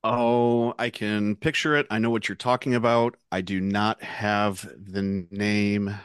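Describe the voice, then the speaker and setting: A man playing a trivia game on a podcast, thinking out loud in a relaxed way. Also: on the low side, unhurried, smooth, dry recording, studio quality. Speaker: quiz contestant. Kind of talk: casual podcast chat.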